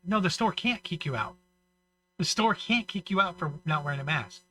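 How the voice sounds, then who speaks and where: Guy cohosting a comedy podcast, kinda high bright voice, rambles on and acts out people he's quoting. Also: lively intonation, normal speed, slight background noise, rough recording. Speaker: podcast co-host. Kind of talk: casual comedy podcast banter.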